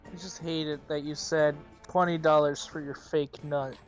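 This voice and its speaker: A woman's voice: low-pitched, fairly even intonation, normal speed, faint music behind. A woman on a game stream, teasing and joking in casual chat.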